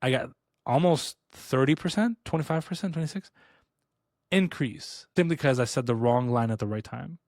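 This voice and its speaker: A man co-hosting a podcast, telling stories in a casual chat. He talks fast and rambles with restarts, and he acts out quoted lines in a raised voice. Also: medium pitch, a little mellow, dry recording, studio quality. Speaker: podcast co-host. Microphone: studio podcast mic.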